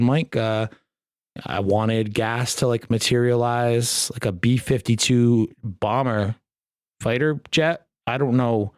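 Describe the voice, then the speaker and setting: A man's voice: medium pitch, no room sound, clean studio sound. A man hosting a podcast on his own, talking in a rambling, jokey way with lots of swearing. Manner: rambling, profane, jokey rants. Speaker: podcast host. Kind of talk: casual solo podcast chat.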